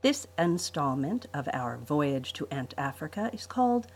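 A woman hosting a podcast, reading a family adventure story in a measured storybook way. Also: low-pitched, big pitch swings, rough recording. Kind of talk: scripted story narration.

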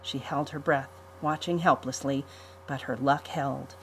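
A woman reading a storybook aloud in an even, measured manner. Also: very deep voice, slight background noise, low-quality recording. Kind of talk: storybook narration.

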